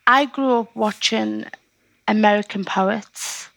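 A woman with a Scouse accent, a poet talking in a casual interview and telling her stories in a chatty, animated way. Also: medium pitch, vocal fry, no room sound. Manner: animated, chatty storytelling with quick asides. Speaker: poet, guest.

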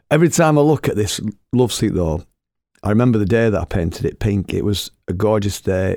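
A man's voice: sits low, gravelly, warm tone, no room sound, clean studio sound. A man, a former radio host, telling rambling, chatty anecdotes and laughing at his own tales. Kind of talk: casual anecdotal storytelling.

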